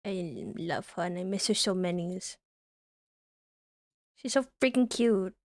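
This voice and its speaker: Slow, giggly young woman streamer. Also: fairly low pitch, a little mellow, no room sound, clean studio sound. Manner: giggly, tender, swears casually. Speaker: VTuber streamer. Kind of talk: casual stream chat.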